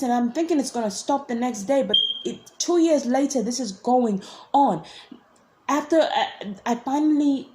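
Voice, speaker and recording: Young woman vlogger, mellow tone, blunt, rambling storyteller. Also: a little high. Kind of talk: casual storytelling.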